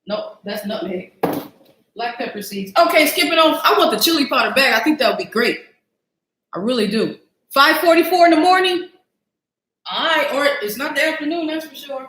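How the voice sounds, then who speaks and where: A woman's voice: high-pitched, lively intonation, normal speed, fairly bright tone, reverberant, a little hiss or hum. A woman hosting a casual live cooking stream, chatty and self-mocking as she talks to her viewers from a home kitchen. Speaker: cooking show host.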